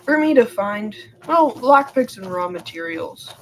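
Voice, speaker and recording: A woman's voice: medium pitch, lively intonation, a little slow, a bit bright, slight background noise, rough recording. A woman gaming streamer giving casual, rambling, self-deprecating commentary into a desk microphone.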